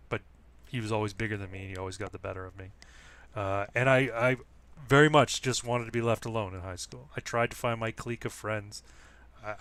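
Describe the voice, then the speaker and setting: A man's voice: lowish voice, fairly bright tone. Rambling man telling a story. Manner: rambling storyteller with many restarts. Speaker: guest. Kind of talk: casual chat.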